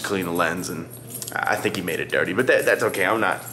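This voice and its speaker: A young man chatting casually to his vlog audience at home, excitable and profane, scolding his dog. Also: low voice, fast talker, roomy sound, a little hiss or hum. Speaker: vlogger. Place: indoors, home kitchen.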